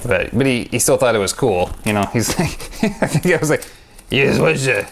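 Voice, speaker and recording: A man's voice: mid-range voice, lively intonation, brisk, a little hiss or hum. A man who performs magic, talking casually to camera about a trick he likes, rambling and correcting himself as he goes. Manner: rambling, stop-start, self-correcting; enthusiastic. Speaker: magician reviewing his own trick.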